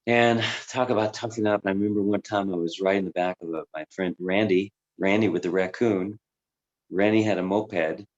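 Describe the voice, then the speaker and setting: A man's voice: sits low, highs cut off. A man, a life coach, reflectively telling his own life story in a conversational way. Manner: reflective and conversational, with many fillers. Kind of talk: candid personal storytelling.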